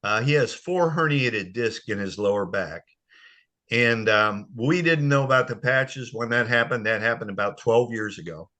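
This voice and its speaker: A man's voice: medium pitch, lively intonation, moderate pace, bright, forceful tone. Older man, voice breaking with emotion. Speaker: guest sharing a testimony. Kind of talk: emotional personal testimony.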